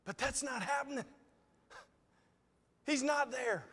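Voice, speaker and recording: A man's voice: very high voice, takes it slowly, pushed and bright, breathy edge. A man preaching a sermon in an earnest, conversational way, asking repeated rhetorical questions. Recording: long reverb of a large hall.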